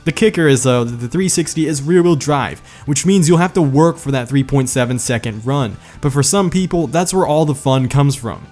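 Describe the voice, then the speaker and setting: A man's voice: mid-range voice, normal speed, hardly any pauses, darkish tone. A man hosting a car video in scripted narration, joking and sarcastic, with a slight lisp from medicine. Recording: faint music behind.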